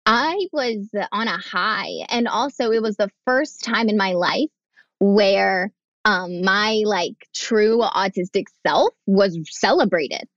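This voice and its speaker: A woman's voice: mid-range voice, takes it slowly, no echo. Candid young woman, dull dry audio. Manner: animated, acts out quoted voices, frank and profane. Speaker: podcast guest. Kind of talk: candid conversational storytelling.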